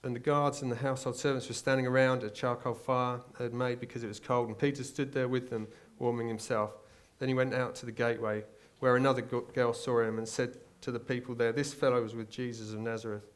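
This sermon comes from an Englishman speaking quickly and flatly, with few pauses, in an ordinary mid-range male voice. His manner is plain and conversational; he keeps restarting phrases while retelling the story and challenging the congregation with rhetorical questions.

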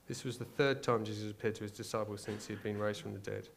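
A male preacher delivering a sermon, moving from quiet storytelling to loud, urgent exhortation. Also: fairly low pitch, fairly even intonation, fast, creaky, slight background noise.

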